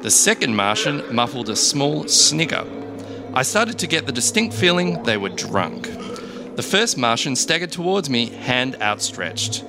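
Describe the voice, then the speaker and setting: A man reading a comic first-person story in a dry, deadpan way. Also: medium pitch, a little slow. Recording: background music.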